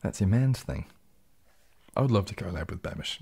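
Man, deep mellow voice, casual live-stream chat, tipsy, easygoing humor. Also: expressive, moderate pace, slight background noise. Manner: laid-back and jokey, drifting into soft whispers. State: tipsy from champagne. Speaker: ASMR channel host.

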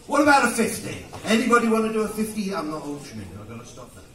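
English male auctioneer, high and bright, joking patter, heard from afar in a roomy hall. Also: sing-song. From England. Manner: joking, coaxing, rapid-fire bid calling. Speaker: charity auctioneer. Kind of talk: live fundraising auction patter. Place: event hall with an audience. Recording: echoey hall from far off.

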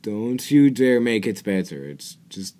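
A man's voice: lowish voice, very animated, measured pace, mellow, a little hiss or hum. Giggly, rambling man reacting. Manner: giggly, rambling, often breaks into laughter; mocking, exasperated asides. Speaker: reaction video host. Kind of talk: casual reaction commentary.

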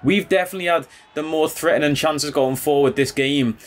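A man commentating his own football video game, excitable and chatty, calling his viewers bro and boys. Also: on the high side, moderate pace. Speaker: gaming YouTuber. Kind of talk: casual gameplay commentary.

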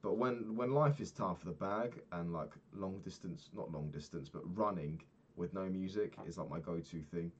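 In a muffled recording, a young vlogger's low, darkish, slightly rough voice moves at a moderate pace with few pauses as he chats about his day over a video game. He rambles, swears plenty, jokes at his own expense and keeps restarting.

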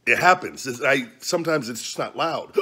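A man's voice: mid-range voice, lively intonation, normal speed, bright, forceful tone, breathy edge. A man hosting his own vlog, talking casually and loosely with joking, profane banter through a hot food challenge at home. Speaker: vlog host.

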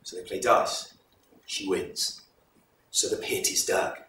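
A man presenting a folk performance, retelling the tale to a live audience in a measured, explanatory way. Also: sits low, bright, forceful tone, a little hiss or hum. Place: live event hall. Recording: echoey hall recorded from far off.

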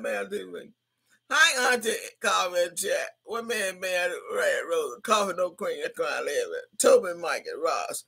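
A woman's voice: lowish voice, expressive, a little slow, creaky, bright, forceful tone, husky. A woman in her sixties hosting a livestream, reading viewers' comments aloud in a brash, profane way and laughing often. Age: 60s. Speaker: livestream host.

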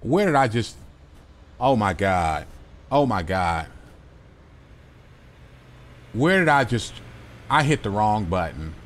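A man's voice: on the low side, slow pace, long pauses. A man giving casual commentary while playing a truck-driving game, muttering to himself and getting exasperated. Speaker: gaming channel host. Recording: steady engine noise behind the voice. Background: truck engine and road noise from the game.

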